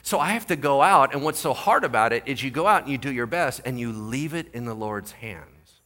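A man preaching a sermon as pastor, animated and jokey, acting out the people in the story. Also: medium pitch, brisk.

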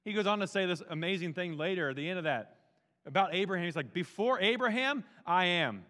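A man with a high voice preaches with emphatic, down-to-earth energy and drops casual slang between solemn points. His voice rings out with a long reverb from a large hall. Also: fast talker, fairly bright tone. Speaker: pastor. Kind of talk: sermon.

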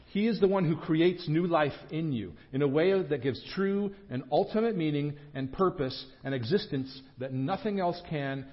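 Male pastor, fairly high voice, earnest emphatic preaching, muffled lo-fi church recording. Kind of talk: sermon. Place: church sanctuary.

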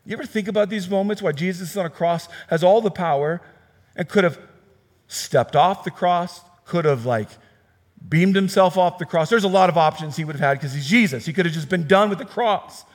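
A man preaching a sermon in a conversational way, reading scripture aloud and swinging from loud bursts to hushed, low passages. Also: a little fast, big-room sound. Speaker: pastor.

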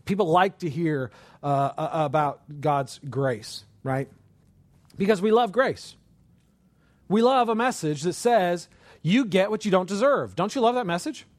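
A man preaching a sermon with animated delivery, rhetorical questions and repeated words. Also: high-pitched, a little slow, no echo. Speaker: pastor.

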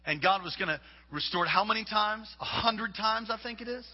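High husky preacher guy in a big echoey hall, kinda muffled lo-fi sound. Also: a little fast. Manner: preaching with rising shouts and acted-out quotes. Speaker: pastor. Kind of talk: sermon.

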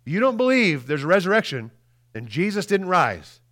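Delivering an Easter Sunday sermon, a male pastor speaks fairly quickly in a high-pitched voice. He keeps it casual and animated, repeating words, tossing in "right?", and alternating loud emphatic moments with hushed ones.

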